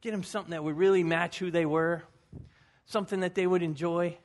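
A man's voice: high-pitched, steady tone, brisk. A man in his fifties, a pastor giving a folksy, conversational sermon with personal stories.

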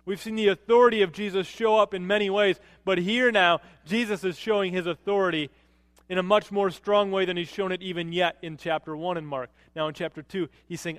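Man, pastor, sermon, animated emphatic delivery, dry close voice, long hall reverb. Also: brisk. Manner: animated preaching, rises to emphatic peaks and drops low for quotes.

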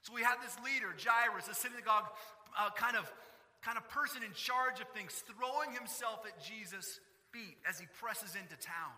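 A man preaching a sermon as pastor, telling the story in an animated way and acting out the quotes. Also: very high-pitched. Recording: long hall reverb.

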